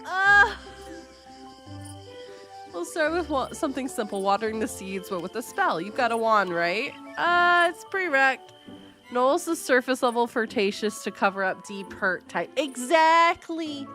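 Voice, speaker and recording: A woman's voice: mid-range voice, expressive, unhurried, sharp tone, faint music behind. A young woman streaming a game, chatting casually, laughing constantly and swearing freely. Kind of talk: casual live-stream chat while gaming.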